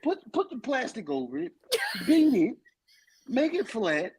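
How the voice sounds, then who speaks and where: A woman's voice: fairly high pitch, very animated, measured pace, darkish tone, slightly rough, low-quality recording. Incredulous laughing woman co-host. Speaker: podcast co-host. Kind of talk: casual chat.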